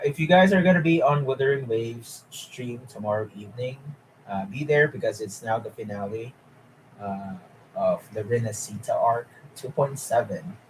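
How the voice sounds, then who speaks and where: A man's voice: fairly low pitch, slight background noise, poor audio. A young man talking casually on a live stream, chatty and often laughing as he answers chat.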